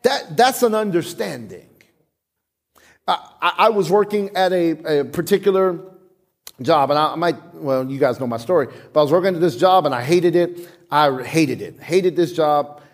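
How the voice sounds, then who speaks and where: A man's voice: fairly high pitch, normal speed. A middle-aged man preaching a sermon, emphatic and repetitive, calling on the congregation to repeat after him. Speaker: pastor.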